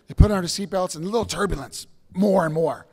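A man preaching as pastor with a high-pitched voice, swinging between quiet asides and emphatic shouts as he acts out stories. His voice rings through a hall with a long reverb. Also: quick pace, breathy edge. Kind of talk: sermon.

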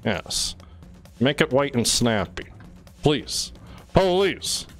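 A man's voice: mid-range voice, big pitch swings, slow. A man streaming a game, ranting and swearing in exasperated, repetitive bursts. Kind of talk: frustrated gameplay commentary. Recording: faint music behind.

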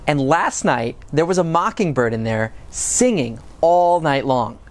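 A man's voice: a little high, unhurried. A man hosting an educational science video for children, talking outdoors by some trees and putting questions to the viewer. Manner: animated, asks the viewer questions. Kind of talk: educational video lesson for kids.

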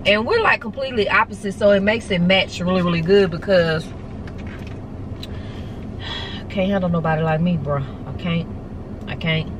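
A woman's voice: fairly low pitch, a little slow, long pauses, background noise. Chatty middle-aged woman vlogger. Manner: chatty, animated, addresses viewers as y'all. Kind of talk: casual chatty vlog.

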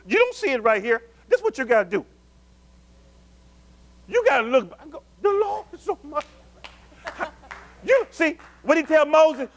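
High-voiced male preacher calling out. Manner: call-and-response preaching, asking the congregation questions; swings between loud emphatic calls and low murmurs. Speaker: pastor. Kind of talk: sermon.

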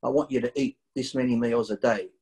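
Middle-aged man, mid-pitched voice, blunt and profane conversational storyteller. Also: steady tone, a little fast, darkish tone, poor audio. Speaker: guest bodybuilder. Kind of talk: casual storytelling.

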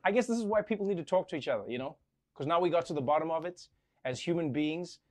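A man's voice: on the high side, lively intonation, fast talker, darkish tone. A man hosting a comedic late-night segment, wry and playfully flustered, stammering in the banter. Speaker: host.

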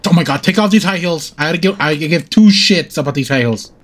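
A man's voice: a little high, lively intonation, a little fast, a bit bright. A man hosting a horror game let's-play, swearing a lot and yelping and laughing when startled. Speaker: gaming channel host. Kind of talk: live let's-play commentary.

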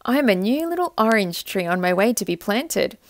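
A woman's voice: fairly high pitch, huge pitch swings, measured pace, no echo, full character voice. A woman doing a friendly young orange tree.

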